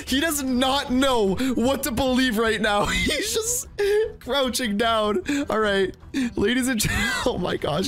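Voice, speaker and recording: A male gaming YouTuber narrating his prank gameplay, fast and gleeful. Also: very high voice, fairly bright tone. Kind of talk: gameplay commentary.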